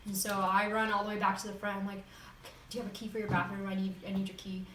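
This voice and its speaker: A woman's voice: medium pitch, quick pace. Laughing woman telling a story in a roomy room. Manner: animated, laughs often. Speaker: vlogger. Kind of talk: casual storytelling. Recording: roomy echo, distant mic, faint noise.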